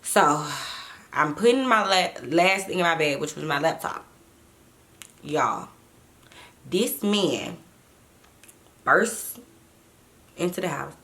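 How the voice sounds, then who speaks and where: Animated woman telling a story. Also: low-pitched, slow pace, pauses often. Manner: animated, profane, talks straight to viewers. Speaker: storytime vlogger. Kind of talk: casual storytelling to viewers.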